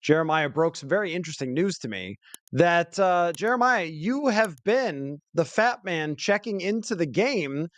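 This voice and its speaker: Guy hosting a sports podcast, kinda high voice, dry close sound, rambles a bit w/ asides. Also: animated, normal speed, no room sound. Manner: talkative, thinks aloud with asides. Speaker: podcast host. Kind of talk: casual sports podcast chat.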